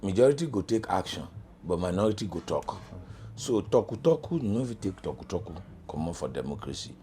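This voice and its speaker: A middle-aged man with a Nigerian accent, a journalism lecturer talking as a studio guest in pidgin, animated and emphatic. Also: low voice, a little fast, a little hiss or hum. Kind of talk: studio talk show in pidgin.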